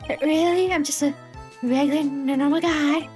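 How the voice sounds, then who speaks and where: A woman's voice: high-pitched, fairly even intonation, normal speed, darkish tone, faint music behind, natural voice. A woman voicing a timid male ventriloquist who stutters and hesitates nervously, in a visual novel read-through.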